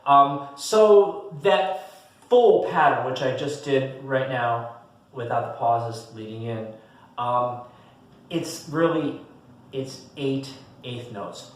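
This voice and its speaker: A man giving a relaxed, casual fiddle lesson, hesitant with many ums and restarts, counting beats aloud as he explains. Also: mid-range voice, slow pace, distant mic. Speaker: fiddle teacher. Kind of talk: casual one-on-one music lesson. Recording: very echoey room, a bit off mic. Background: fiddle playing between talk.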